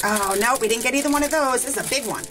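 A woman's voice: fairly high pitch, fast, noisy background. A woman hosting a toy unboxing vlog, gushing with enthusiasm and talking to her viewers as guys. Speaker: toy unboxing channel host.

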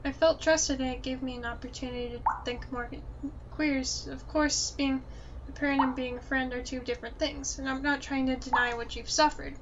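Gentle supportive friend, read by a woman; reassuring tone, high pitch, dull recording. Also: steady tone, normal speed, a little hiss or hum.

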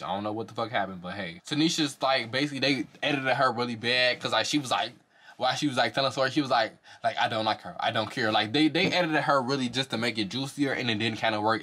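A young man giving a casual, profane review of a reality show, talking fast and breaking into high mocking voices now and then. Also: sharp tone.

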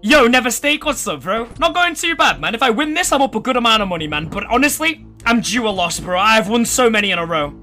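Man, game streamer, excitable, swearing, bright, lively pitch. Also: fast talker, hardly any pauses, soft background music. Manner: excitable, swears, talks to chat as "bro". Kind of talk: live gameplay commentary to chat.

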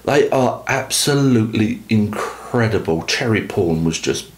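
A man's voice: fairly low pitch, lively intonation, measured pace. A man hosting a product review channel, talking to camera in a rambling, enthusiastic, self-deprecating way. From United Kingdom. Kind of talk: casual talk to camera. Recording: echoey room.

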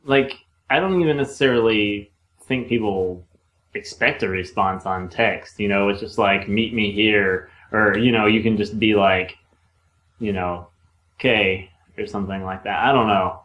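A man's voice: fairly low pitch, normal speed, a bit bright, rough recording. A man co-hosting a casual podcast chat over a call, talking in a hesitant way with many ums and likes. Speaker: podcast co-host. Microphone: remote call mic.

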